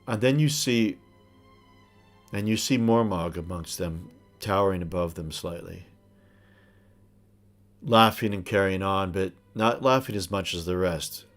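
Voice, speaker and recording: A man acting as game master who describes the scene in an unhurried way, with some hesitations. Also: low-pitched, soft background music. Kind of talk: narrating a tabletop game.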